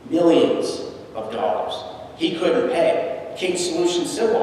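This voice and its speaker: A man preaching a sermon in a loose, conversational storytelling manner. He is recorded from well off the mic in a big church sanctuary, with long reverb and a faint low hum behind him. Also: lively intonation, measured pace, darkish tone. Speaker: pastor. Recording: echoey church hall, distant mic.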